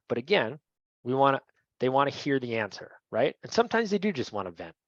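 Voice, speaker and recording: A man's voice: medium pitch, quick pace. A man in a mid-range voice walks trainees through officiating rules like a coach talking to his crew. He keeps it conversational and keeps checking in with "right?". The sound is dull and lo-fi, with no room echo. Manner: conversational, repeats "right?" often. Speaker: referee trainer. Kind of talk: training lecture.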